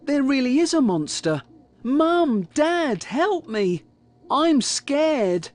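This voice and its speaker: Man voicing a whiny little prankster boy for a storybook, high and lively. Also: slow, full character voice. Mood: panicked. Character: scared, tricky little boy.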